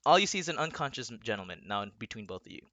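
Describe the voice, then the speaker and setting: A man's voice: medium pitch, sing-song, very fast, sharp tone, no echo. A young man running a tabletop game as game master, casual and often laughing.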